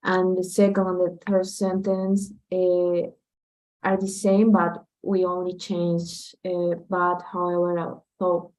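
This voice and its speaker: A woman's voice: lowish voice, completely flat delivery, takes it slowly, darkish tone, low-quality recording. A female student asking her teacher a hesitant question in an online class. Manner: hesitant, many fillers.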